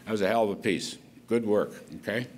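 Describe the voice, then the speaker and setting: Older male official, lowish voice, loose off-the-cuff speech, faint room hum. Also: brisk, a little mellow. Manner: rambling, folksy asides. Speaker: government economic official. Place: conference hall at an event.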